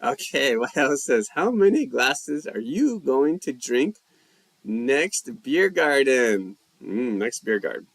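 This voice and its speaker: Slow, easygoing man hosting live chat. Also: medium pitch, creaky, dry recording. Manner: slow, relaxed, thinking aloud while reading chat. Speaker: language livestream host.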